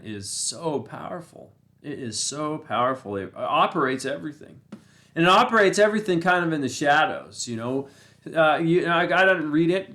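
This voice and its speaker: A man's voice: mid-range voice, fairly bright tone. Chatty man musing on the mind. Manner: rambling, conversational, often asks "right?"; breaks into laughter, repeats phrases for emphasis. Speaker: channel host. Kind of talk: casual spoken talk on Buddhism and the mind.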